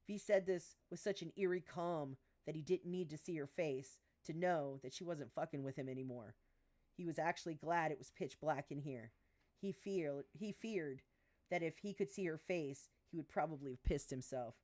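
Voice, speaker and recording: Woman, low voice, reads her own novel aloud on a live stream, lightly voicing the characters, stumbles and corrects herself. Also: normal speed, darkish tone. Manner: reads dialogue with small voice shifts, stumbles and restarts, laughs at her own asides. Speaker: author reading her own book aloud. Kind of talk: live-streamed book reading.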